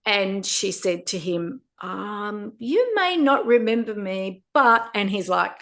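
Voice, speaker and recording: A woman, a podcast guest telling her own story in a lively way with frequent laughter. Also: medium pitch, slow pace. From Australia. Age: 50s. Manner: animated, laughs often while telling a story. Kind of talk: personal storytelling interview.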